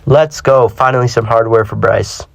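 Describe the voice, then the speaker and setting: Gravelly and mid-range, with fairly even intonation and a moderate pace, this young gaming channel host gives casual commentary on a football sim. He's a little under the weather, chatty, self-deprecating, and often stumbles over words; there's no room sound.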